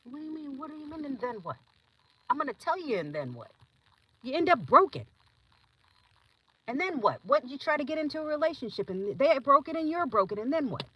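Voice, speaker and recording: A young woman hosting a podcast, talking casually and giving her opinions, often acting out other people's lines in quick put-on voices. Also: high-pitched, dry recording, low-quality recording. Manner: animated, acts out voices in quotes. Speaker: podcast host.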